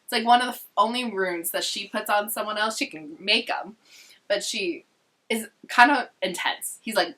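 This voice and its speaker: A woman's voice: mid-range voice, normal speed, sharp tone. A young woman casually summarizing a novel in a chatty, sarcastic way with slangy asides. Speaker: book vlogger.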